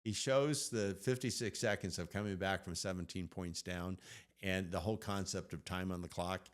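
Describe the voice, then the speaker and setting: A middle-aged man co-hosting a faith podcast, telling stories in an animated, excited way. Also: low-pitched, moderate pace. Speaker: podcast co-host. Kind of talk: casual storytelling chat.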